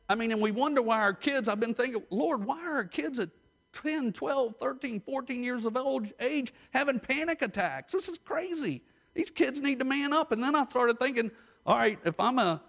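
High-voiced man preaching with emphasis. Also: fairly bright tone. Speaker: pastor. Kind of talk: sermon.

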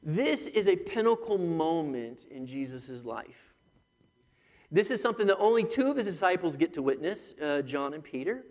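Animated man preaching in a reverberant hall. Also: on the high side, normal speed. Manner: animated, joking asides, acts out voices. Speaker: pastor. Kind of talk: sermon.

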